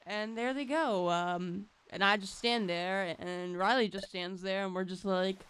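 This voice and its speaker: A woman's voice: mid-range voice, steady tone, a little slow, a bit bright, smooth. A young woman giving casual, jokey commentary while playing a game, with mild swearing. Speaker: let's play gamer.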